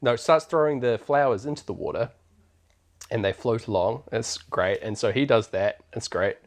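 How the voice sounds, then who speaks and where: A man's voice: mid-range voice, normal speed. A man, casually co-hosting a podcast and recapping a film in a laid-back, slangy way, laughing often. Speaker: podcast co-host.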